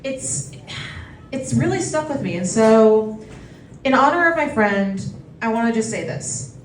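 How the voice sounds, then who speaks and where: A woman's voice: a little high, lively intonation, a little slow, a little hiss or hum. Self-deprecating woman stand-up comic. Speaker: stand-up comedian. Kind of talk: stand-up comedy set. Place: comedy show in a bistro. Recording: echoey room from a distance, loud crowd.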